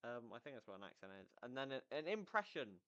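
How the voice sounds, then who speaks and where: A man's voice: medium pitch, sing-song, fast talker, sharp tone. A young man hosting a football podcast in casual, rambling chat, close to the mic, often mocking himself and tripping over his words. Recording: slightly dull lo-fi mic.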